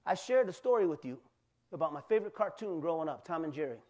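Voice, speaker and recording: An animated male pastor preaches a sermon fast, in a fairly high voice. His style is loose and conversational, and he often turns to quiz his congregation.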